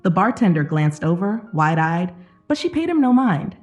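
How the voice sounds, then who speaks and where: Low-voiced woman narrating a drama. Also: big pitch swings, moderate pace, darkish tone, faint music behind. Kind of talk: scripted narration.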